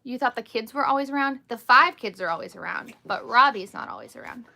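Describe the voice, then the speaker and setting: A woman in her thirties hosting a casual live stream from home, chatting and telling rambling stories in an animated way. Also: fairly high pitch, fast talker, creaky.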